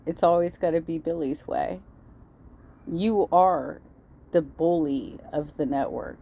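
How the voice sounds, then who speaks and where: A woman's voice: low-pitched, dark tone. A woman hosting reaction commentary, blunt and cutting, often sarcastic. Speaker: commentary channel host.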